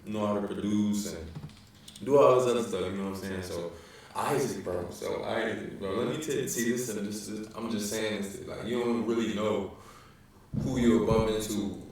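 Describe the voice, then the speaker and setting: A man's voice: lowish voice, moderate pace, darkish tone, heavy reverb, distant mic. A young man from Chicago with a Chicago accent, telling a story in a loose, rambling, slangy way full of fillers. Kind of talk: casual storytelling.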